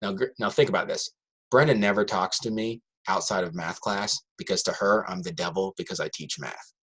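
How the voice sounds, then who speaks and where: Storytelling man with a lowish voice. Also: brisk, slightly rough. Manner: animated, acts out students' voices in quotes. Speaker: high school math teacher. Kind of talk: storytelling talk to an audience.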